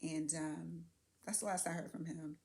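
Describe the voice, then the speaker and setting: Woman vlogger, lowish voice, candid reflective monologue with fillers and soft laughs. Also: fairly even intonation, normal speed, gravelly. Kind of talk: reflective personal vlog.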